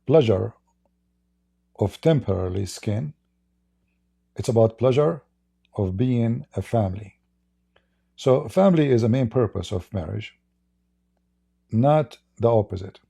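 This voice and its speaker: Gravelly Arab-accented man, sarcastic debater. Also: medium pitch, mellow. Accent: Arabic. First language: Arabic. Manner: sarcastic, repetitive, stammering restarts. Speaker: online religious debater. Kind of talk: addressing viewers in a stream.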